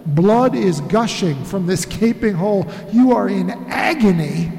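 A high-pitched male pastor delivers an emphatic sermon, leaning on repeated phrases and slow, weighty pauses. His voice rings through a large church hall with a long, echoing reverb. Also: expressive, vocal fry, darkish tone.

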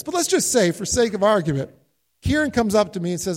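High-voiced pastor preaching a sermon. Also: male voice, sing-song, fast. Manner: storytelling with rhetorical questions.

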